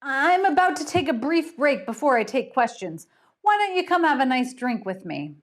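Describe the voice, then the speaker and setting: A woman's voice: sits high, big pitch swings, normal speed, pitched above the performer's own voice. Woman reader doing a snappish, pompous man who barks orders; voice raised well above her own. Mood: gruff. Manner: commanding, snappish. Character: pompous self-important older male author.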